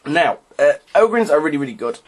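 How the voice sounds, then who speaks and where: A man shows off his hobby miniatures in casual show-and-tell narration, rambling and hesitant with frequent ums and restarts, amused and self-deprecating. His voice is a little high, sing-song, and brisk, with slight background noise.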